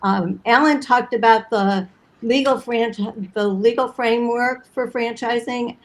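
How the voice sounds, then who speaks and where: A woman guest on a business panel, giving a steady, fact-filled overview. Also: on the high side, measured pace, poor audio. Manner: steady, fact-heavy explaining. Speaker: franchise guest expert. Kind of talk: informative panel answer.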